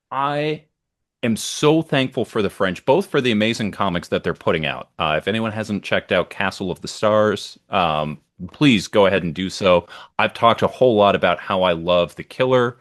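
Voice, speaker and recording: A deep-voiced man talks eagerly and at length, circling back with fillers as he goes. His voice is low and close, with no room around it. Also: a bit bright, no room sound. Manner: enthusiastic, rambling with many fillers. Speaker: podcast co-host. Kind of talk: casual chat.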